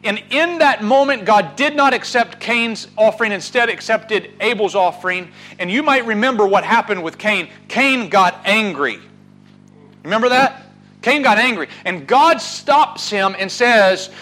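A man preaching a sermon, swinging from loud urging to hushed, drawn-out words. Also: sits high, expressive, rough recording. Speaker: pastor.

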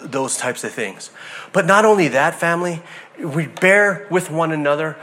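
A middle-aged man preaching a sermon, telling a personal story in a conversational, animated way with frequent restarts. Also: on the high side. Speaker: pastor.

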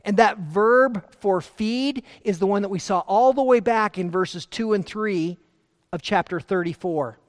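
High-voiced man preaching in an echoing hall. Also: a little slow. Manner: emphatic, shifts between hushed asides and forceful declarations. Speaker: pastor. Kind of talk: expository sermon. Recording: long hall reverb.

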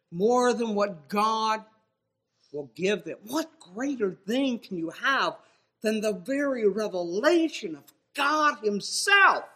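A male preacher delivering a sermon in a high, bright voice at an unhurried pace. He swings between loud, pleading exhortation and hushed near-whispers, with mocking, joking asides along the way.

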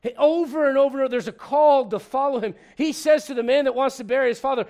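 High-voiced pastor guy from puerto rico, jokey sermon, keeps restarting his sentences. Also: fairly quick, creaky. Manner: animated, joking, restarts sentences, acts out voices.

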